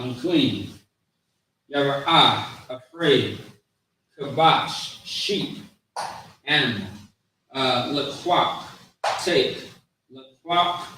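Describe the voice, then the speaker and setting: Slow-drilling man in an echoey room. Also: medium pitch, pushed and bright, a little hiss or hum. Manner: slow drilling, repeating each word with its meaning; informal, many fillers. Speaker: language teacher. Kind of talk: classroom lesson. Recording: very echoey room, distant mic, faint ambience.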